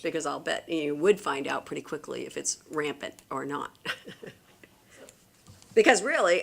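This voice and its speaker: A woman who runs a manufacturing company, testifying candidly at a public hearing, talking in halting restarts. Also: sits low, vocal fry, fairly bright tone.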